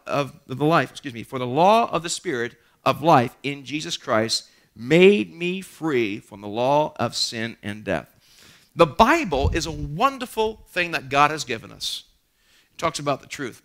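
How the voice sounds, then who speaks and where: A man preaching a sermon in a church, animated and joking at his own expense, often restarting his sentences. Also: on the high side, vocal fry. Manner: animated preaching with humorous asides and self-deprecating stories; frequent stammered restarts. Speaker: pastor. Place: church sanctuary.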